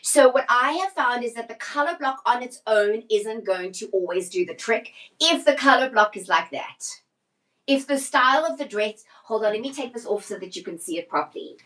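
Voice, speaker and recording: Here a middle-aged personal stylist talks casually on a live shopping stream, responding to viewer questions and repeatedly restarting what she's saying. Her mid-range voice has a somewhat bright quality, captured on a low-quality recording.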